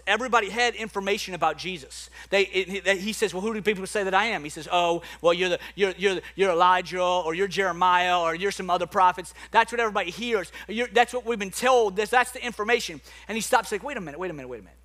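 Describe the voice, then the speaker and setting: A high, bright male voice preaching with lively swings between loud bursts and quieter, lower stretches. He is a pastor in his thirties, telling stories and acting out the voices in them. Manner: animated preaching with acted-out dialogue and asides. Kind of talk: sermon.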